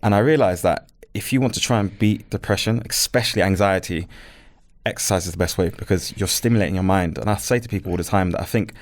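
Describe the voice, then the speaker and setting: Fast-talking deep-voiced British man. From Britain. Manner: earnest, advice-giving. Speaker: podcast guest. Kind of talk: casual chat.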